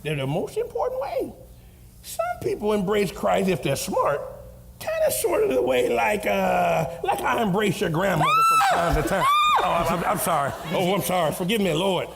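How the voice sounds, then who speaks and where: A man playing an excitable old grandfather who has attended church for decades, rambling through examples in a church comedy skit. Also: normal speed, creaky, noisy background, full character voice. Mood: flustered. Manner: drawling, rambling, bursts into high squeals.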